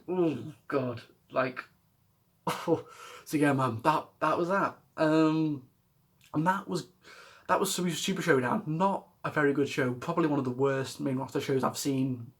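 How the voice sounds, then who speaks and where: A man rambling through a casual wrestling reaction vlog, exasperated, swearing and laughing often. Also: on the high side. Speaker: wrestling vlogger.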